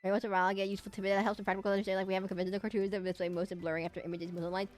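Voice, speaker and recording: A woman's voice: medium pitch, flat delivery, racing, soft background music. A young woman streaming while she draws, chatting casually in a rambling, giggly way that hops between tangents. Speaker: streamer drawing live. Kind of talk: casual chat while drawing.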